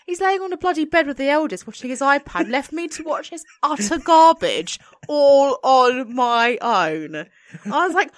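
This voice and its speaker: Exasperated sweary woman, high lively voice. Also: normal speed. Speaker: podcast co-host. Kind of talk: casual ranting film review.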